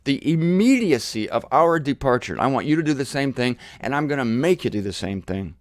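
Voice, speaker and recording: A man's voice: mid-range voice, very animated, brisk, no room sound. Guy preaching bible stuff on his own show, punchy and blunt, dry close sound. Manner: emphatic and conversational, with irreverent asides. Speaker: Bible teacher hosting a show. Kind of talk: animated solo Bible teaching.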